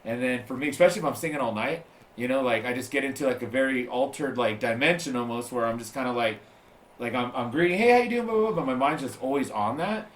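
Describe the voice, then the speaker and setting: Fast-talking casual man in an echoey room. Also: mid-range voice. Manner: fast, relaxed and chatty with many fillers. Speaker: podcast host and singer. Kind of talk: casual podcast chat.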